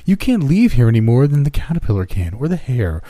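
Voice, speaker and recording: A man's voice: mid-range voice, big pitch swings, a little fast, warm tone, no echo, pitched above the performer's own voice, close to an everyday voice. A man voicing a mocking dead young woman in a nightmarish Wonderland, taunting and eerie.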